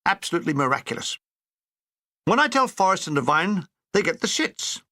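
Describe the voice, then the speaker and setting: A man's voice: a little high, sing-song, a little fast, sharp tone, no room sound. A man reading a comic war memoir aloud with dry, wry storytelling. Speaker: audiobook reader.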